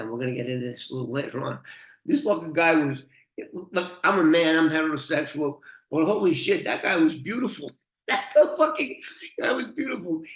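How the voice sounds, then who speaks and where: A man's voice: fairly high pitch, fairly bright tone. An older man telling a rambling, profane story with frequent laughs. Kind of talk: casual storytelling. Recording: roomy echo.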